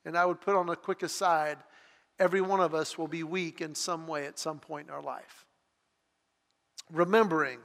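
A man with a notably high voice delivers an earnest, heartfelt sermon and tells personal stories as he builds in intensity. His words ring out with a long reverb, the way sound carries in a large church hall. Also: steady tone, moderate pace, vocal fry, long pauses, fairly bright tone. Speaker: pastor.

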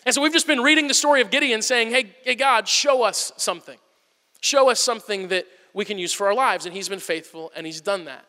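High, bright-voiced man preaching in a hall. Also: quick pace, few pauses. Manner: animated storytelling, acts out whisper-yelling. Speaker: pastor. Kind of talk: sermon. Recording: long hall reverb.

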